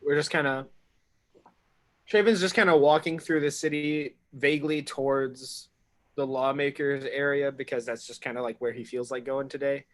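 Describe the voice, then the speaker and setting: A man's voice: mid-range voice, steady tone, normal speed. A man playing a tabletop game, chatting in a laid-back way. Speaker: player. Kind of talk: casual tabletop play.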